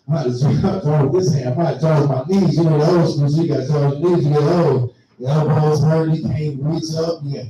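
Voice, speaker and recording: A middle-aged man doing a profane, animated stand-up comedy set at a live venue. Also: fairly high pitch, normal speed, lo-fi sound. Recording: very echoey live room, mic far off.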